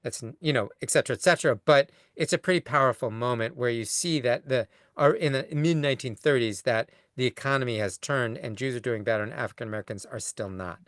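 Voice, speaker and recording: A man's voice: medium pitch, quick pace, hardly any pauses, fairly bright tone, no echo. Male rabbi lecturing over a video call, mid-range voice, rambling and long-winded, dry close sound. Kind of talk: conversational lecture answering a question.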